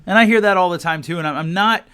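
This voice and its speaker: Blunt, animated man hosting a podcast. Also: high-pitched, quick pace, clear, resonant tone, dry recording, clean studio sound. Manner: blunt, animated, quotes others in put-on voices. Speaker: podcast host. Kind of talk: solo podcast monologue.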